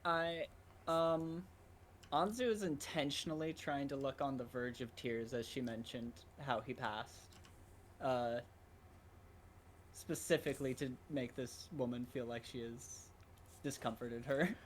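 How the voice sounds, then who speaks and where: A woman player in a tabletop game with a low voice, speaking slowly and haltingly between fillers. A faint hiss of noise sits under her voice. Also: fairly even intonation. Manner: hesitant, halting with many fillers.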